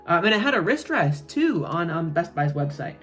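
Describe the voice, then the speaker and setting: A woman with a fairly low speaking voice runs through a casual product review. She rambles chattily and drops plenty of ums and uhs as she goes. Faint music plays quietly behind her. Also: very animated, normal speed. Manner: chatty, rambling, frequent fillers. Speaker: tech reviewer.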